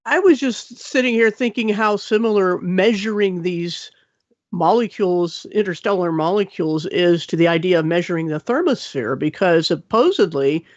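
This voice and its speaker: A woman's voice: mid-range voice, no room sound, dull audio. Skeptical woman thinking aloud on a call. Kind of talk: group call discussion.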